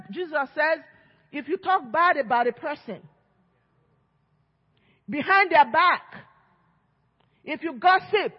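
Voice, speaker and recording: Woman pastor, emphatic sermon, long church echo, dull lo-fi sound. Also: sits high. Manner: emphatic preaching, acts out quoted voices. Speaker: lead pastor. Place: church sanctuary.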